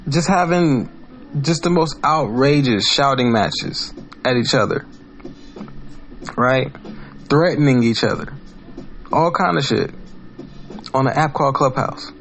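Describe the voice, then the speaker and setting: Male podcast host, mid-pitched, blunt and profane, rambling solo talk. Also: lively intonation, a little slow, pauses often, a bit bright, slight background noise. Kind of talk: casual monologue.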